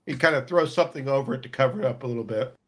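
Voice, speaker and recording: A man's voice: mid-range voice, racing, a bit bright. A man narrating as game master for a tabletop role-playing game, loose and chatty with many restarts.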